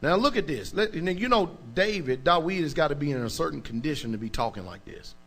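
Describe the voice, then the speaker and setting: A man's voice: a little high, expressive, fairly quick, fairly bright tone. A man, a pastor, preaching a sermon in an emphatic, colloquial way and checking in often with his congregation. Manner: colloquial, informal speech.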